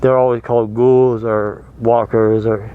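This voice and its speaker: A man's voice: mid-range voice, flat delivery, a little slow, clear, resonant tone, phone-quality sound. A man hosting a horror movie show, talking casually and rambling, laughing easily and trailing off. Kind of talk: casual chat.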